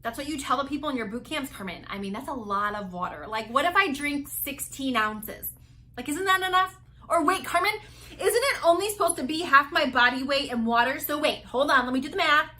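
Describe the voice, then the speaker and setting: A woman's voice: high-pitched, animated, fairly quick, sharp tone. A woman mimicking a reluctant female diet client who whines and raises objections. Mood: whiny. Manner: whiny, full of excuses and objections.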